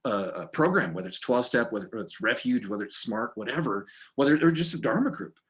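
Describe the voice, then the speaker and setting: A man's voice: medium pitch, lively intonation, brisk, a bit bright. A middle-aged man giving an informal dharma talk as a recovery meditation teacher, tired from poor sleep, meandering and heartfelt with frequent restarts, filmed on camera indoors in a friend's home. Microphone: camera in front of him.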